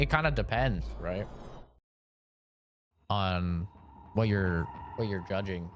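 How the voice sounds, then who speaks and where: A man's voice: medium pitch, slight background noise. A man chatting casually while streaming a game, rambling and opinionated, leaning on "you know" and swearing now and then.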